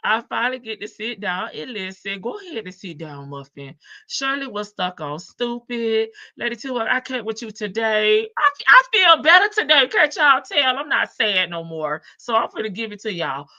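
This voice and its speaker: A woman's voice: medium pitch, expressive, normal speed, pushed and bright, no echo, dull audio. A woman hosting a casual commentary livestream, chatty and sassy, laughing often. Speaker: live-stream host.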